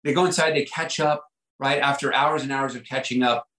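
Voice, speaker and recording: A man's voice: medium pitch, steady tone, brisk, sharp tone, reverberant, low-quality recording. A man guest on a podcast, telling a personal story in an earnest, reflective way, often repeating himself and saying "like" and "right?".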